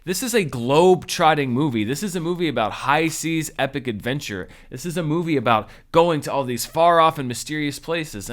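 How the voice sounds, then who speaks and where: A man giving a spoken movie review in a wry, animated way, jumping high in pitch for emphasis. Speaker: film critic.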